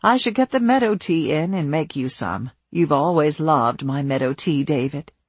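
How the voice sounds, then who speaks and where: A woman's voice: low-pitched, expressive, normal speed, husky, dry recording. A narrator voicing a confused older woman who drifts into a dreamy sing-song way of speaking, in a dry, close recording.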